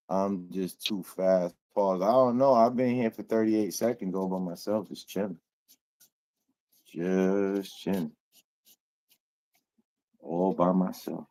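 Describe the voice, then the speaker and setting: A man's voice: mid-range voice, a bit bright. A young man hosting a casual live stream, talking in a laid-back, slangy way and swearing freely. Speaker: livestream host.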